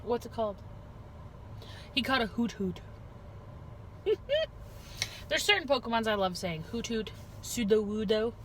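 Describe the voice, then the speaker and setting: A talkative woman with a fairly high voice chats loosely about her day as a vlog host. She rambles from topic to topic in easy, casual chat. Steady car noise runs behind her from inside a vehicle. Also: measured pace, long pauses, rough recording. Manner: chatty and rambling.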